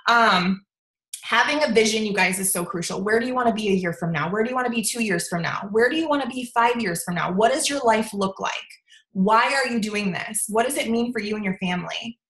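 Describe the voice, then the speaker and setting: A young sales team leader delivers an emphatic pep talk over a video call, peppering it with "okay?" and "you guys." Her medium-pitched, slightly bright voice moves a little fast, captured in a low-quality recording with room echo.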